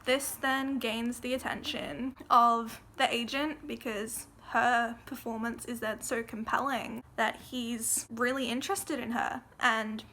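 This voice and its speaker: A woman's voice: a little high, fairly even intonation, measured pace, few pauses, bright, forceful tone, a little hiss or hum. A woman recapping a TV series in a casual vlog, chatty, with frequent "like" fillers and casual swearing. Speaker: video essayist.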